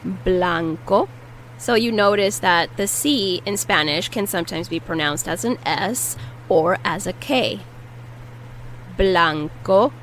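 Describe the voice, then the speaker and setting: A woman's voice: medium pitch, animated, moderate pace, a bit bright, slight background noise, low-quality recording. A woman teaching a language lesson, patiently repeating each word and explaining how to pronounce it. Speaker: Spanish teacher. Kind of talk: vocabulary lesson with repetition drills.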